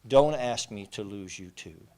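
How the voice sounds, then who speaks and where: A man's voice: fairly low pitch, lively intonation, a little slow, warm tone. A man voicing a grieving mother who begs her son not to go to sea, in a raised, pleading voice.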